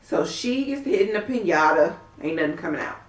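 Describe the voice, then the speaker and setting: A woman's voice: lowish voice, animated, brisk. A woman recapping a reality show in a sassy, blunt, profane way, acting out what the cast members said. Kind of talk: casual recap vlog. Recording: echoey room, far from mic.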